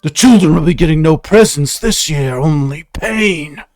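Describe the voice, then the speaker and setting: A man's voice: on the high side, expressive, moderate pace, a little mellow, no echo, voice pushed up. A maniacal beast, as a man voices him. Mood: menacing. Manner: taunting, cackling menace. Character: maniacal male beast who kidnaps children.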